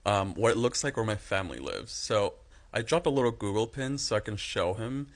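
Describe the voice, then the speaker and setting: A man who spent part of his childhood in Ecuador tells a dry, unhurried story for a social media clip. His voice sits low. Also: animated.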